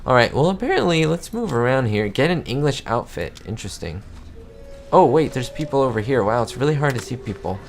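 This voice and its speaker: A man giving excitable, easily amazed commentary as he plays a video game. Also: medium pitch, brisk, soft background music. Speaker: gamer.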